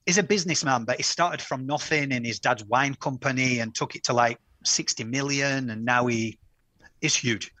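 A man's voice: mid-range voice, normal speed, sharp tone, dry recording. A middle-aged man, a podcast guest, telling his story in an enthusiastic, rambling way. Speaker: podcast guest, campaign founder. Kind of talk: casual interview chat.

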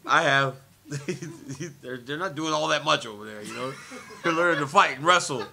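Bright, animated man telling stories. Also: on the high side, moderate pace, gravelly. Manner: animated storyteller, laughs often, repeats phrases. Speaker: interviewee, former fighter and commentator. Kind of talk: media scrum interview.

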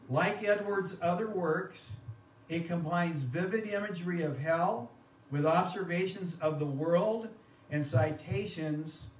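Male pastor, higher-pitched, chatty sermon delivery, distant mic in an echoey sanctuary. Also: slight background noise. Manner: conversational, asks the congregation questions.

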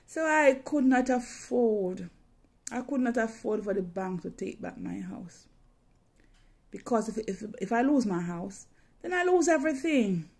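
A woman's voice: fairly high pitch, expressive, unhurried, gravelly, darkish tone, husky. A woman telling a personal story in a dramatic, emotional way, often repeating phrases.

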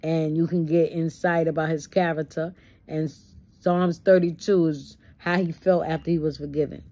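Lowish-voiced woman teaching Bible study. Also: flat delivery, normal speed, mellow. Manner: folksy, preachy asides, acts out quotes.

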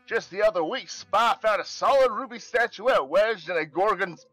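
A man's voice: high-pitched, moderate pace, pushed and bright, soft background music, pitched above the performer's own voice. A man voicing a cheerful, earnest adventuring band recruiter, breaking into giggles, as improvised game character voicing. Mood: upbeat.

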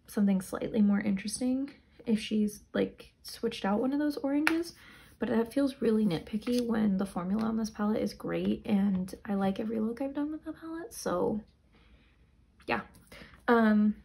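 A woman's voice: fairly high pitch, moderate pace, gravelly, warm tone. A young woman casually reviewing products, chatty and rambling, sounding tired. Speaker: beauty vlogger.

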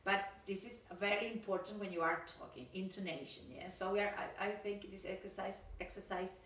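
A woman teaching an English class, slow and patient, often checking in with "yes, okay?". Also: medium pitch, fairly even intonation, a bit bright, recorded from a distance. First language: Spanish. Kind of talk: recorded online class. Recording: roomy, from off-mic.

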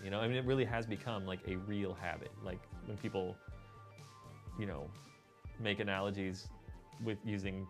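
Low-voiced sardonic man. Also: steady tone, normal speed, pauses often, music in the background. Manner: dry, sardonic storytelling. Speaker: VHS collector interviewee. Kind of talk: documentary interview.

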